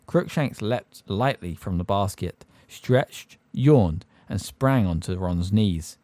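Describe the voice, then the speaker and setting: A man narrating a fantasy audiobook with an expressive delivery. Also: on the low side, slow, no room sound. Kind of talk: fan audiobook reading.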